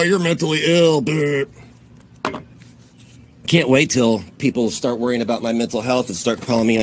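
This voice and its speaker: A man on a livestream goes off in an angry rant, swearing freely. His voice jumps up into heated outbursts and then drops into low, bitter muttering. Faint noise hums under the recording.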